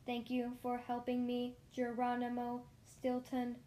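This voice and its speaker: A calm, polite female robot car speaks slowly and formally, as a woman reading a storybook puts her on. Each word is measured and even. The voice sits a little high. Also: roomy sound, natural voice. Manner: slow, measured, formal speech.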